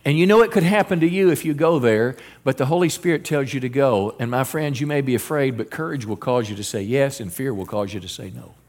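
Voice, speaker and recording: A middle-aged male pastor preaching a sermon in an earnest style, quoting scripture and often restarting his words. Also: fairly high pitch.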